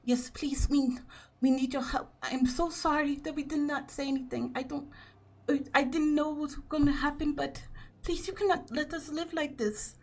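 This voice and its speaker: A woman's voice: sits high, steady tone, moderate pace, voice pushed up. Woman doing a tearful, pleading mother. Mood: whispered plea. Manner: soft, breathy, pleading. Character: pleading mother, desperate and tearful, turned ant.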